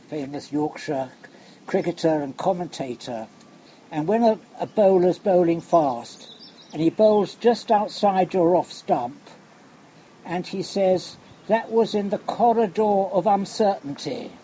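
Older male preacher, unhurried and reflective, hushed on key lines; dull recording, noise behind. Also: on the high side. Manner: slow, reflective, drops to a hush on key phrases. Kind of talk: sermon. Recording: muffled recording with background noise.

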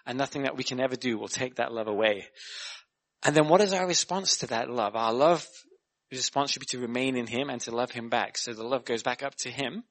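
A young man gives a sermon in a conversational, animated way. His voice sits at a middle pitch, and he often repeats words as he thinks aloud. He keeps turning to the listeners with questions. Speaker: guest preacher.

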